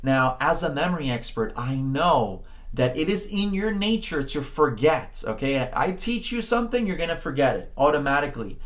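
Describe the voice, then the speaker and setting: A man teaching a Spanish pronunciation lesson, encouraging the learner, often checking in with "okay?", and drawing out words slowly to model them. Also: fairly high pitch, lively intonation. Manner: slow, drawn-out words when modeling sounds. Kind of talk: spoken language lesson.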